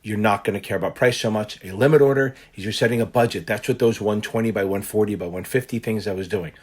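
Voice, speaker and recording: A man tutoring for a finance exam, explaining concepts through an animated, loosely told personal story with the odd swear word. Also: fairly low pitch, fast talker, slightly rough. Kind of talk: casual lesson told through a personal anecdote.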